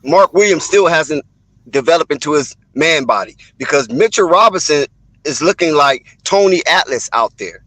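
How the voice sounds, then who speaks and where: A man's voice: fairly high pitch, lively intonation, moderate pace, fairly bright tone, no room sound. A man giving casual color commentary on a basketball stream, chatty and joking.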